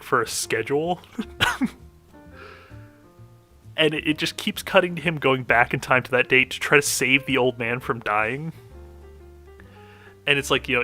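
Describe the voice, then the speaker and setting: A man's voice: mid-range voice, pushed and bright. A young man chatting on a podcast, retelling an anime plot in a rambling way full of fillers and laughs. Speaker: podcast co-host. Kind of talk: casual chat recapping an anime.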